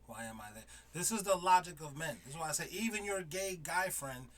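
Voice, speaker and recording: A man's voice: on the high side, animated, a little fast, a little hiss or hum. A man co-hosting a casual commentary chat with his wife, laid-back and joking, often humming agreement. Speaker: co-host.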